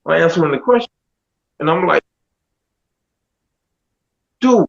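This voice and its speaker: A man telling his life story with animated storytelling, casually acting out the other people's voices with slang. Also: fairly high pitch, measured pace, vocal fry, long pauses. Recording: dull lo-fi sound.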